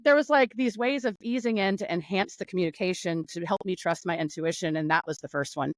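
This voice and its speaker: A woman from North Carolina, speaking as a guest in a casual interview over a video call, telling a long story with laughs and quick restarts. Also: lowish voice, dry recording, rough recording. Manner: animated, laughing, rambling storytelling.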